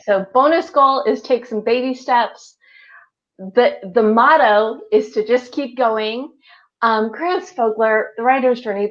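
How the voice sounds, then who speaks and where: An upbeat, encouraging woman with a fairly high voice hosts a live online interview and laughs easily. The sound is a little muffled, like a web stream. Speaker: host.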